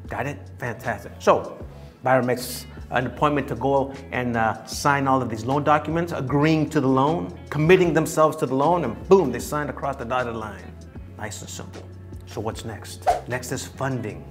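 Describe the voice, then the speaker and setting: Animated male real estate instructor. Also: mid-range voice, normal speed, faint music behind. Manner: lively, theatrical, acts out dialogues. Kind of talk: animated teaching talk.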